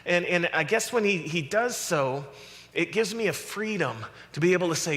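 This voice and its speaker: A man preaching a sermon as pastor, animated and conversational, acting out quoted voices as he goes. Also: high voice, normal speed, in a large hall. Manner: animated preaching, acts out voices of God and the prophets. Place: church sanctuary.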